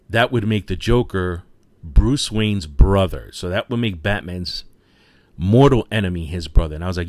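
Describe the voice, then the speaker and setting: A man's voice: low voice, no echo. A man giving a casual, enthusiastic spoken movie review, retelling scenes and peppering his talk with "you know". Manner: frequent fillers like "you know". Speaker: film reviewer.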